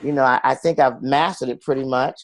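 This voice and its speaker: A middle-aged man opens up in an interview, earnest and confessional, slipping into the voices of the people he quotes. His voice sits at an ordinary middle pitch. The recording is close and dry, with no room sound. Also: steady tone, fairly quick, dry recording. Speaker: guest. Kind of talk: personal storytelling in an interview.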